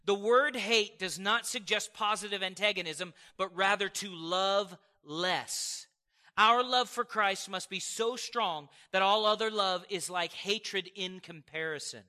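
High-voiced, bright-toned preacher, animated. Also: male voice, unhurried. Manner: animated, storytelling with acted-out quotes and chuckles. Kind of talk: sermon. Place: church service before a congregation.

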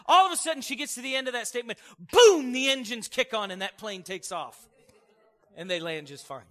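In a church sanctuary, a male pastor with a very high voice preaches a little fast, telling stories with energy and calling out "amen" to his congregation.

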